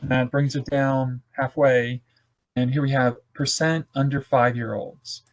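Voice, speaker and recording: Man, webinar presenter, mid pitch, hoarse, casual demo talk, thinks aloud, computer mic. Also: level tone, a little slow. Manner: informal, self-correcting, thinks aloud. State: losing his voice. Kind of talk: live software demonstration.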